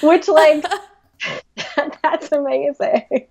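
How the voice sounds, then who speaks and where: Bubbly high-voiced woman, jokey podcast chat. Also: steady tone, extremely slow, gravelly, noisy background. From United States. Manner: self-deprecating, jokey, rambling. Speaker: podcast co-host. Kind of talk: casual chat.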